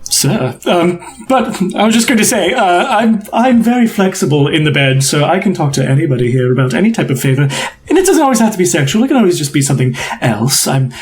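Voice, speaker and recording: A man's voice: high voice, expressive, fast. A man voicing a flamboyant, flirtatious male shopkeeper who talks in a showy, sing-song way.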